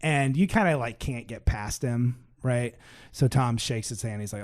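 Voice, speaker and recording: Animated male storyteller acting out voices. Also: medium pitch, brisk. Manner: animated, acts out quoted voices, frequent "like" and "right?". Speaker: podcast co-host telling a story. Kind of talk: casual storytelling chat. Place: podcast recording.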